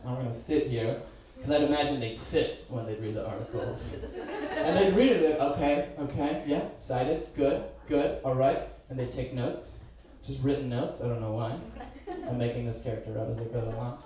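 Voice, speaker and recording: A man's voice: mid-range voice, a little fast, mellow. A young man in his twenties doing a stand-up set, rambling and self-deprecating, breaking into silly voices. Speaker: stand-up comedian. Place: comedy stage indoors. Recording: very echoey room from far off.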